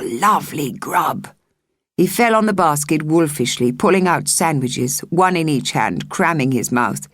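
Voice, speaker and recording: Brief: a low-voiced woman narrator, husky and lively in pitch, reading a storybook. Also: no room sound, studio quality. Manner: measured, expressive storytelling. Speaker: audiobook reader.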